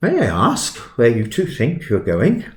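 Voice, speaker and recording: A man's voice: medium pitch, huge pitch swings, a little slow, echoey room. A man voicing an outraged, stern male school head teacher who scolds in shocked exclamations.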